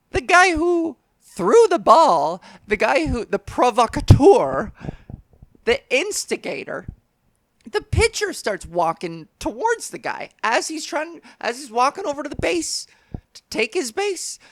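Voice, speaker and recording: A woman's voice: on the high side, slight background noise. A woman hosting a comedy podcast, rambling through a story with crude jokes and asides. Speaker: podcast host.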